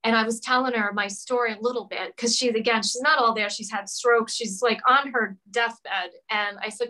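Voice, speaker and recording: Woman guest telling her story, heartfelt, bright and a bit high. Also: fairly even intonation, normal speed, few pauses, poor audio. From Rhode Island. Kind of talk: emotional personal story in interview.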